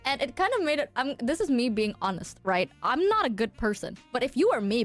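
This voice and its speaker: A young woman streaming, chatting casually, telling a story in an animated way, acting out quotes and swearing freely. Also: on the high side, brisk, soft background music. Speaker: VTuber streamer.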